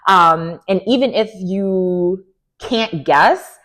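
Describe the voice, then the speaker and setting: A young woman with a sassy, animated manner, giving an opinionated recap of a reality TV show. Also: fairly low pitch, normal speed. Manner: animated, sassy, lots of "like" and "girl". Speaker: recap vlogger.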